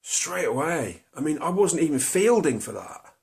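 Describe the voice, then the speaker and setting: Guy in his middle years, gravelly voice, vlogging his story, lots of ums and false starts. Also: fairly high pitch, very animated, normal speed, a little mellow. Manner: hesitant, confessional, many fillers and restarts. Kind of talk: personal storytelling to camera.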